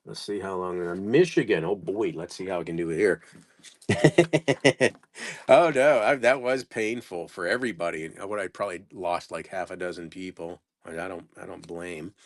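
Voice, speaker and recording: A man's voice: low-pitched, normal speed, no room sound. A man running a casual live sales stream, reading out place names and stumbling over how to say them, self-mocking. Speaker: live-stream postcard seller.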